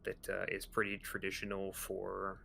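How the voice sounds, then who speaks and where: A man narrating as the game master of a sci-fi tabletop game, in a relaxed way with many pauses and "um"s. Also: low voice, vocal fry, slight background noise.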